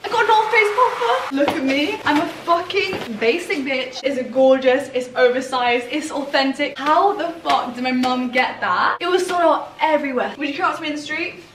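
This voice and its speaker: High-voiced chatty woman. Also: normal speed, background noise. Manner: chatty, excitable, swears freely. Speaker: vlogger. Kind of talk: casual vlog chat. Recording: music playing under the voice.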